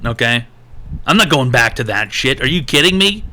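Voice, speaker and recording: A man hosting a live-streamed advice show, ranting in a loose, profane and animated way. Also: mid-range voice, normal speed. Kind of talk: live-stream call-in talk.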